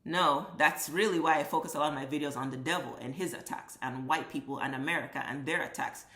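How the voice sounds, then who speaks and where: A woman's voice: low-pitched, quick pace, a bit bright. A woman vlogger delivering an impassioned, blunt and profane opinion monologue. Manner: blunt, profane, emphatic ranting. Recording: echoey room.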